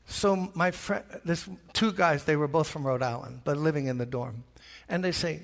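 An older Brooklyn-raised pastor with a New York accent spins a sermon story, jumping into the voices of the people in it as he goes. His voice sits a bit high and comes out gravelly. The long reverb of a big church hall hangs around every word. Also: normal speed, hardly any pauses. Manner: animated storyteller, acts out voices. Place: large church.

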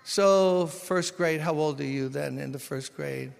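A man from Brooklyn, preaching a sermon as pastor, swinging between loud exhortation and quiet storytelling. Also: fairly high pitch, a little slow, gravelly. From Brooklyn, New York. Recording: long reverb of a large hall.

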